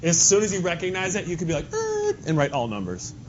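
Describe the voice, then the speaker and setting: A male math teacher giving a lively, joking lesson to his class in a classroom. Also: fairly high pitch, fast. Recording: dull lo-fi classroom recording with faint noise.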